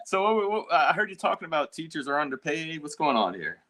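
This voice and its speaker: A guest joins the live stream for a casual chat. The voice is playful, and its pitch swings up and down a lot. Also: sing-song, fairly quick, bright, forceful tone.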